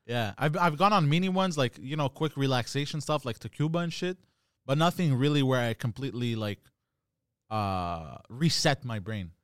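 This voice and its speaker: Man, podcast co-host, relaxed, rambling with fillers, mid pitch, dry sound. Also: moderate pace, no echo. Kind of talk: casual chat.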